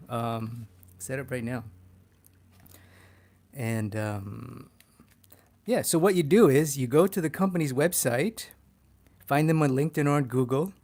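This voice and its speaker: Male art instructor on a livestream, mid pitch, excitable and profane. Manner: excitable, swears casually, laughs often. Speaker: poster artist teaching a livestream. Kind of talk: casual livestream tutorial.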